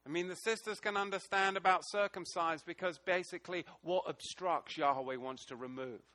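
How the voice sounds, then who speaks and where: A man preaching a sermon to a small congregation, passionate and emphatic, moving between loud declaiming and hushed, emotional asides. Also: high voice, moderate pace.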